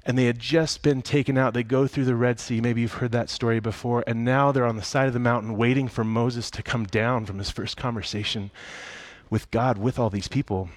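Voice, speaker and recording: A man's voice: mid-range voice, steady tone, a little fast, dry recording. A man preaching a sermon in a conversational, humorous storytelling way. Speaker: pastor.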